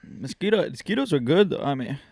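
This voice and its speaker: A man's voice: a little high, very animated, a little fast, darkish tone, no room sound, studio quality. A young man co-hosting a podcast, laid-back and wisecracking in casual chat, mostly giving short replies. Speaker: podcast co-host.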